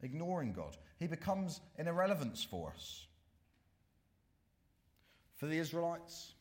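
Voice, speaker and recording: Expressive male preacher with lively pitch. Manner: dramatic swings from loud to hushed, slow emphatic warnings. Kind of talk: sermon.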